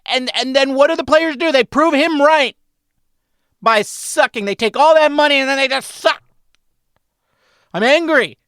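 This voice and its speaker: A young adult man co-hosting a casual podcast chat, venting in a mock-dramatic way that swings from loud anger to quiet sadness. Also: extremely high pitch, normal speed, creaky, long pauses, no echo, clean studio sound. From United States. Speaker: podcast co-host.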